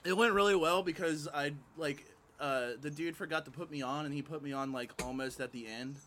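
A man telling a story in a casual podcast chat on a porch, animated and profane, often laughing as he talks. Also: on the high side, fairly quick, a little hiss or hum. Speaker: podcast panelist and stand-up comic. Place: home porch, outdoors.

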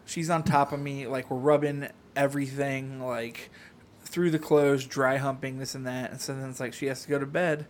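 A man co-hosting a podcast, talking in crude, low-key banter. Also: flat delivery, normal speed, a little hiss or hum. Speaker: podcast co-host. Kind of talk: casual chat.

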